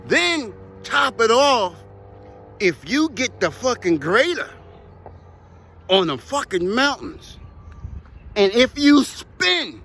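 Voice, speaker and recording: A man's voice: extremely high pitch, huge pitch swings, takes it slowly, long pauses, bright, forceful tone, faint music behind. A man who operates heavy equipment, telling profane, emphatic, rambling stories about the job in casual talk outdoors near traffic. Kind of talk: casual storytelling to camera.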